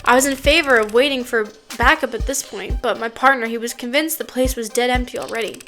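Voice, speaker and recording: A woman voicing a young male police officer with a southern drawl, testifying in a slow, hesitant way while reading a game aloud. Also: on the high side, steady tone, fairly bright tone, faint music behind.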